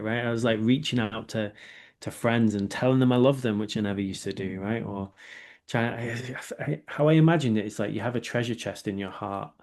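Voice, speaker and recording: A man, speaking as a guest in a candid, reflective interview and often checking in with a quick 'right?'. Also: mid-range voice, darkish tone. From England. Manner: reflective, with many filler words and rhetorical 'right?'.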